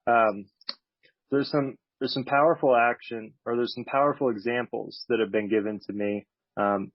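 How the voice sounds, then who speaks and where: Sharing at a recovery meeting, a man gives a candid, reflective talk about his recovery with a slightly wry manner. His voice is fairly low with vocal fry, captured on a dry, dull lo-fi recording.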